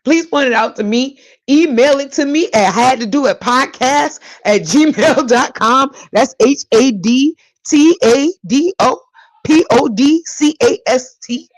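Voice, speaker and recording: A woman's voice: sits high, lively intonation, measured pace, dry recording, rough recording. A woman from Brooklyn with a New York accent hosting a casual solo podcast. She talks straight to her listeners and repeats lines for emphasis. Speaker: podcast host.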